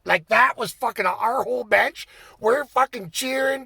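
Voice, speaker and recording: A man telling a personal story in a casual, profane way, getting animated and raising his voice as he relives the anger. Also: very high-pitched, a little slow, gravelly, husky, no echo. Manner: animated, swearing, bursts into shouting when reliving anger. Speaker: storyteller recounting his playing days.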